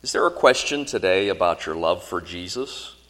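A man delivers an earnest sermon, pressing his listeners with question after question. His voice is bright and forceful, and it carries a long reverb from a large hall. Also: low-pitched, animated, normal speed. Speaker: preacher.

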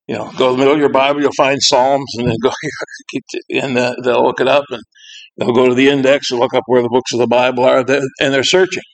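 A man talks to a congregation about his prison ministry work. His delivery is plainspoken and rambling, full of side remarks and pauses as he collects his thoughts. His voice sits at a middle pitch for a man. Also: little pitch movement, creaky, rough recording. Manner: halting, with frequent pauses. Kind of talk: informal church talk to a congregation.

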